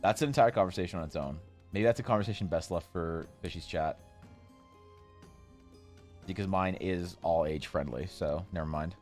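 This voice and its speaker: A man with a fairly low voice runs a casual drawing livestream and banters with his chat. He jokes in mock outrage and now and then bursts out loud. Soft music plays faintly behind him. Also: moderate pace, long pauses. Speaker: artist streaming while drawing.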